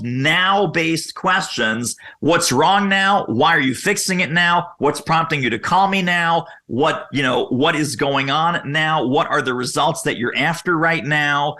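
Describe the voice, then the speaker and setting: A man guest on a podcast interview, explaining sales methods energetically and acting out quoted questions in lively voices. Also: medium pitch.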